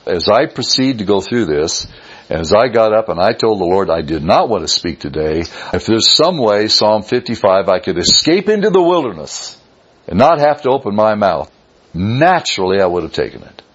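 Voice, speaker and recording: A pastor preaches with fervor, his low voice climbing suddenly and then sinking to a hush. His tone is husky and breathy. The recording sounds dull and lo-fi. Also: sing-song, moderate pace. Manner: fervent preaching with sudden rises and hushed drops. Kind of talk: sermon.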